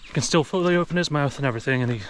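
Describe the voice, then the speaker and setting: A man's voice: fairly high pitch, very fast, a little hiss or hum. Chatty English man walking in woods. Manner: chatty, talks to his dog in a raised sing-song voice. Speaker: outdoor vlogger. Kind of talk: casual walking commentary. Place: outdoors in a forest. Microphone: action camera.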